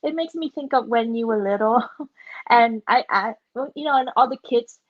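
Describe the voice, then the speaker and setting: High-voiced middle-aged woman chatting. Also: moderate pace. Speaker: podcast host, coach. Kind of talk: casual chat. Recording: dull lo-fi sound.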